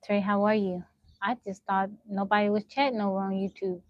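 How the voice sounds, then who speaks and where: A woman's voice: medium pitch, brisk, no room sound, muffled recording. Chatty woman streamer telling stories. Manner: animated storytelling, laughing often, talking to chat. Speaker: livestreamer. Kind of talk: casual live-stream chat. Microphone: phone.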